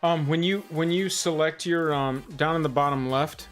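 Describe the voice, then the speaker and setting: A man's voice: a little high, moderate pace, a bit bright, soft background music. A man co-hosting a casual livestream, talking someone through an audio setup and hyping up the show with joking, announcer-style flourishes. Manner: playful, joking, announcer-like hype. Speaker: livestream co-host.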